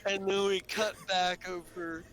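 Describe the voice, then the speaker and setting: A man running a tabletop game as game master, unhurried and full of fillers and restarts. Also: sits high, flat delivery, fairly bright tone, low-quality recording.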